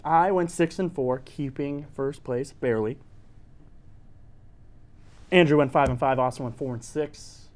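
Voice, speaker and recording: A man's voice: mid-range voice, unhurried, pauses often, a little mellow. A man hosting a casual sports podcast, joking and teasing as he runs through game picks. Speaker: podcast host.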